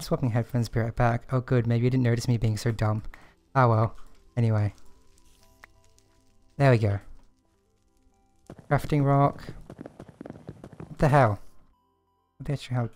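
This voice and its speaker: A man talking through his gameplay in a loose, chatty voice of middling pitch. He mocks himself easily and keeps up a running commentary, with faint music playing under his voice. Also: darkish tone. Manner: chatty, self-deprecating, talks to himself while playing. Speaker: streamer.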